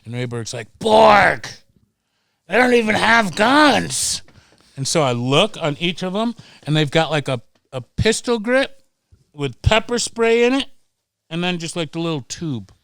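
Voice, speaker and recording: A middle-aged man telling stories as a podcast guest, animated and profane, acting out voices as he goes. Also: a little high, normal speed, clear, resonant tone, dry recording, clean studio sound. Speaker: guest, pro snowboarder. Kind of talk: casual storytelling.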